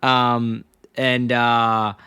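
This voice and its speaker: A young male podcast co-host recaps episodes in casual, rambling chat, speaking extremely slowly with little pitch movement in a sharp, clear, resonant tone. He breaks into quoted lines, acting them out with pitch jumps and frequent laughs.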